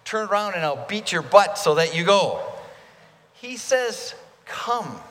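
A man's voice: high-pitched, big pitch swings, unhurried, a bit bright. A man preaching a sermon in a conversational way, asking the congregation questions. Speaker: pastor. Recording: long hall reverb.

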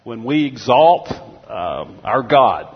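A pastor delivering a sermon in a measured, reflective way. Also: male voice, mid-range voice, sing-song, husky. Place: church sanctuary. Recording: dull audio with long hall reverb.

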